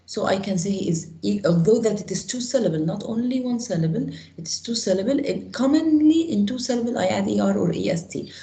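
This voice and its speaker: A woman's voice: mid-range voice, expressive, fairly quick, few pauses, mellow, reverberant, rough recording. A woman teaching an English grammar lesson to a class, explaining step by step and asking the students questions.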